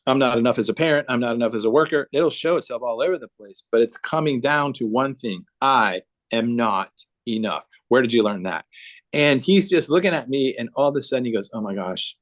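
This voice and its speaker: A man's voice: mid-range voice, animated, fast. Earnest man telling a story on a video call. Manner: earnest, emphatic, acts out dialogue. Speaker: guest speaker.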